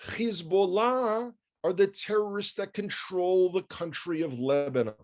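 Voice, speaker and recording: A man with a New York accent talks through the latest news in a relaxed, wry way. He keeps throwing out rhetorical questions and side remarks. His voice sits a touch higher than most men's. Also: measured pace. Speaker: commentator. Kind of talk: conversational news commentary.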